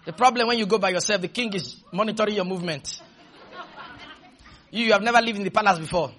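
A man preaching a sermon, shouting dramatic lines and leading the congregation in call-and-response. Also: high-pitched, fast, a faint crowd, slight background noise.

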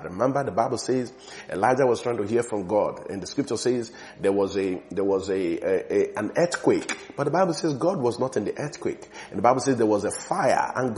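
A man preaching a sermon in a church, emphatic, his voice swelling loud on key phrases and sinking low at the ends of others.

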